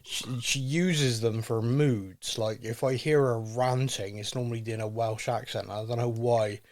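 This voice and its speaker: A male podcast host with a voice of ordinary pitch, chatting casually with a co-host. He rambles, jokes and often turns to thank and address his listeners. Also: steady tone, unhurried. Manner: jokey, rambling, talks to listeners directly.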